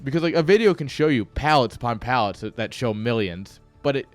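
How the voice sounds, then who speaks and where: A male game caster at an ordinary mid pitch, chatting loosely on a live stream. He wanders between jokes and game calls, swearing casually as he goes. Faint music plays underneath. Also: lively intonation, brisk, dry recording. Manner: rambling, joking, swears freely.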